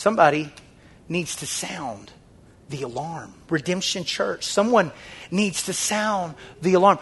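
A man with a high voice preaches a sermon in a passionate, repetitive style. He drops to a hushed near-whisper, then rises to loud exhortations and calls for a response from the congregation. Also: unhurried, vocal fry, husky. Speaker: pastor.

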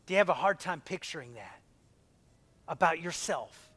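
A man in his forties preaching a sermon, impassioned, swinging between loud emphasis and a hushed near-whisper. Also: a little high, lively intonation, moderate pace. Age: 40s.

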